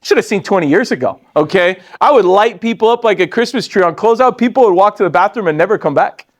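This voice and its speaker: A man in his forties running a live training session for a sales team, animated and joking, laughing often and talking straight to the room. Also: high-pitched, fast talker. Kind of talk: live training talk to an audience.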